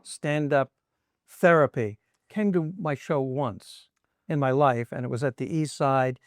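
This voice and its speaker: A man's voice: medium pitch, dry recording, clean studio sound. Chatty podcast host, a man. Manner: chatty, quick to laugh and join in. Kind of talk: casual podcast chat.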